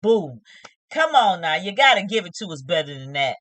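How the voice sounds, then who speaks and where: A woman's voice: on the low side, sing-song, moderate pace, a bit bright, no echo. A woman hosting a casual reality-TV review vlog, opinionated and talking straight to her viewers. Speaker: host of a TV review channel.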